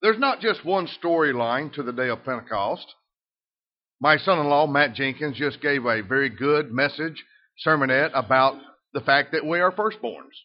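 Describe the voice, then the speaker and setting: A middle-aged man with a Southern US accent preaching a sermon in a folksy way, switching between emphatic and soft delivery. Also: medium pitch, animated, moderate pace. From Southern United States. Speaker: pastor. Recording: dull lo-fi sound.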